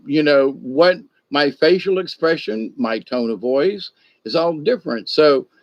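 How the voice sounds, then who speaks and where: A man's voice: mid-range voice, dry recording. A man talking casually late at night on a livestream, rambling and acting out little dialogues in changed voices. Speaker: livestream host. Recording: dull lo-fi dry sound.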